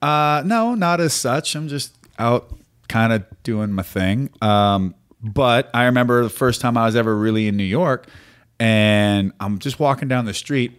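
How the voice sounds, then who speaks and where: A man, a guest on a studio podcast, chatting casually and telling animated stories with plenty of swearing. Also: mid-range voice, measured pace, clear, resonant tone. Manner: animated storyteller, swears freely. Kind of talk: casual chat.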